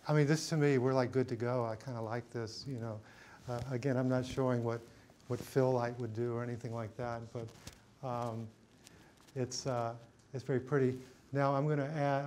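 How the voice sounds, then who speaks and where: A middle-aged man leads a hands-on lighting workshop at a mid pitch, talking in halting bits full of fillers and restarts. Faint noise sits under the studio recording. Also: a little mellow. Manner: halting, many fillers and restarts, thinking aloud while adjusting lights. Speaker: cinematography workshop instructor.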